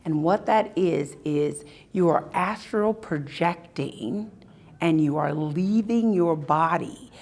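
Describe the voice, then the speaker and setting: A woman giving a live spiritual talk to an audience at an expo, telling stories in an animated way and acting out scenes. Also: low-pitched, slow, vocal fry. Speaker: spiritual workshop speaker. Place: expo hall.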